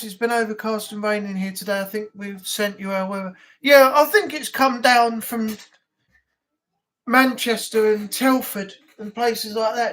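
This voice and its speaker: A man with a northern English accent hosting a casual weekly live chat stream, rambling easily with plenty of fillers. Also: high voice. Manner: rambling, relaxed, with many fillers. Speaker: livestream chat host.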